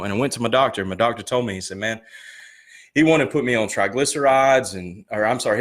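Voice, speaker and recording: A man in his thirties, a former student pastor, telling his personal story earnestly, with loud animated peaks and soft slow confessional stretches. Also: fairly low pitch. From Alabama. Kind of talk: personal testimony talk.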